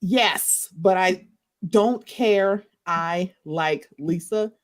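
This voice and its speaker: A woman, a podcast guest in casual gossip chat, animated and often acting out quoted reactions with laughter. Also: lowish voice, drawn-out words.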